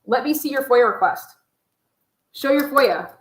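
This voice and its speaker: A woman's voice: sits high, expressive, unhurried, background noise. A woman giving casual livestream commentary as a true crime YouTuber. She talks in a blunt, profane, rambling way, full of asides. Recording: roomy echo.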